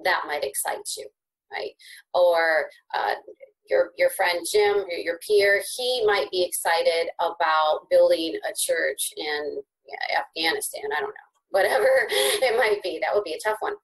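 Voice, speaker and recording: A middle-aged woman, a podcast guest, speaking conversationally and with animation, her pitch swooping high when excited and her words often restarting. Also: a little slow, rough recording. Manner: frequent repeated word restarts. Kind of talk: conversational interview.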